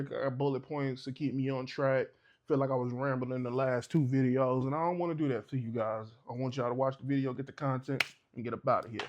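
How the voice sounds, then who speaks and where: A man's voice: mid-range voice, a little mellow. A man, talking casually to camera and giving advice, sometimes acting out short exchanges. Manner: conversational, preachy, acts out little exchanges. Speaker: vlogger.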